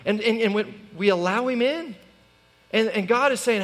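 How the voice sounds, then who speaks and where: Man, pastor, fiery sermon, high voice, long church reverb. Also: normal speed. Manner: impassioned, rising to shouts in exhortation, then softer storytelling. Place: church sanctuary.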